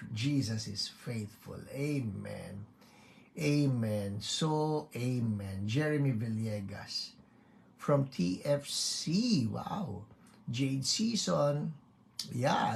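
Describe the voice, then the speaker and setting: A Filipino-accented man leads an online church gathering, unhurried, with a gravelly edge to his mid-range voice. He calls out viewers by name and ribs them in a friendly way, mixing English with Tagalog. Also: medium pitch, a little mellow. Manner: playful, reads viewer names aloud and teases; switches between English and Tagalog. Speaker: pastor hosting an online healing service. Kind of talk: casual livestream greetings to viewers.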